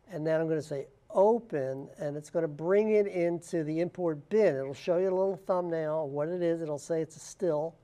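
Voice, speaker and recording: Mellow-voiced man explaining software steps. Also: a little high. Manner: plain step-by-step explaining with frequent fillers. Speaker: software tutorial instructor. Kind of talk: screen-recorded software walkthrough.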